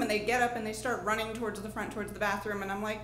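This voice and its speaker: A woman's voice: mid-range voice, level tone, racing, few pauses, fairly bright tone. A woman in her thirties from New Jersey, telling an improvised personal story to a live audience in a chatty way, full of fillers. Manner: chatty, lots of fillers and restarts, laughing along. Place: pub stage. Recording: echoey pub room with faint noise.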